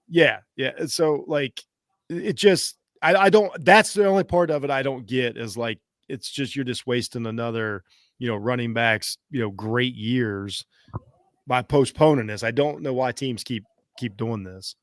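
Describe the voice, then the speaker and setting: A man's voice: medium pitch, moderate pace, dry recording, clean studio sound. A man co-hosting a podcast in casual sports chat, blunt and emphatic, stretching out words he wants to stress. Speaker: podcast co-host.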